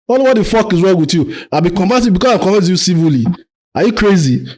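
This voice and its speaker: A man in a heated argument, shouting, swearing and repeating himself. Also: high-pitched, animated, fast talker. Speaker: debate participant.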